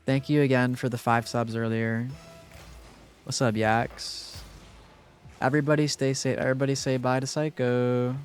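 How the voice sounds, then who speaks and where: A man's voice: medium pitch, little pitch movement, moderate pace, faint music behind. A young man streaming live, chatting casually and rambling with lots of fillers while thanking viewers.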